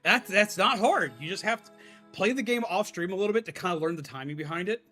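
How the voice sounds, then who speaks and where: Excitable male streamer, casual chat, higher bright voice. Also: quick pace, faint music behind. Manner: animated, swears freely, excitable greetings.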